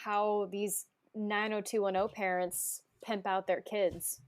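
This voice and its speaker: A woman's voice: mid-range voice, level tone, takes it slowly, clear, resonant tone. A woman co-hosting a podcast, casually recapping a TV episode with dry jokes and laughter. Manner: dry, joking, often laughs. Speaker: podcast co-host.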